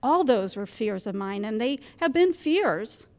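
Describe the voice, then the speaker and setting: A woman in her fifties speaks to a gathering of mothers in a church gym, telling her own story with candid, self-mocking humor. Her voice sits a little high and she laughs easily. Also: sing-song, unhurried, big-room sound. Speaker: guest speaker at a moms' group. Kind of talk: personal talk to an audience.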